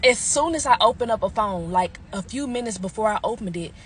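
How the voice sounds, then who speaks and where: A woman's voice: mid-range voice, expressive, a little fast, a little hiss or hum. A woman telling her own story about a relationship in a blunt, heated, profane way. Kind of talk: casual storytime.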